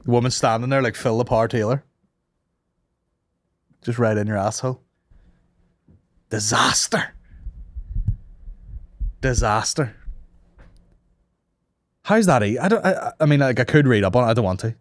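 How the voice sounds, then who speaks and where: A man's voice: mid-range voice, quick pace, long pauses, no room sound. A man hosting a comedy podcast, swearing a lot and laughing at his own crude jokes. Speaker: podcast host.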